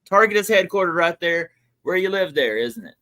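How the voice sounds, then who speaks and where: A man's voice: sits high, expressive, brisk, sharp tone. A man in his forties with a Southern US accent, hosting a casual livestream chat in an upbeat, chatty way. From Georgia, US. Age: 40s. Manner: upbeat, repeats "super pumped", chatty. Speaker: livestream host.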